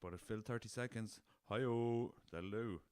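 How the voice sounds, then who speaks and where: A man's voice: low voice, normal speed, clear, resonant tone, no room sound, studio quality. A young Irish man from the west of Ireland, a podcast host telling rambling anecdotes in a casual way, swearing freely and chuckling as he goes. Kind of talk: casual storytelling.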